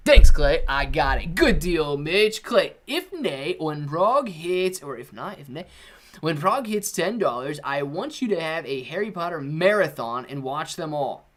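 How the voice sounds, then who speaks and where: A man's voice: fairly high pitch, sing-song, normal speed. A man hosting a live stream, chatting casually with viewers, reading out their comments and answering in a laid-back, slangy way. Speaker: livestream host.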